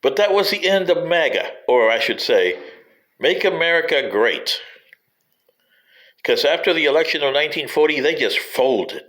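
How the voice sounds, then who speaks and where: A man's voice: on the high side, animated, moderate pace, a bit bright, poor audio. A man giving a rambling spoken history commentary, digressive and wry, sometimes addressing politicians directly.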